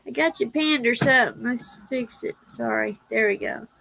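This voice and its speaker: A woman's voice: a little high, normal speed, creaky, bright, forceful tone, slight background noise, rough recording. A woman hosting a casual livestream, reading prayers and speaking tenderly and emotionally. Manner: tender, emotional, laughs easily.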